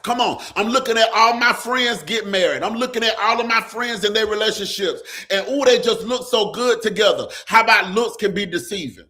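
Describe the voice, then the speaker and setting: A man's voice: high voice, a little fast, hardly any pauses, pushed and bright. A man preaching on a live stream, speaking straight to viewers, with constant "come on" calls and lines that slip into song. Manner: call-and-response preaching, repeats "come on", slips into sung lines. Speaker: pastor hosting a live stream. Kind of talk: preaching, talking to viewers in the comments.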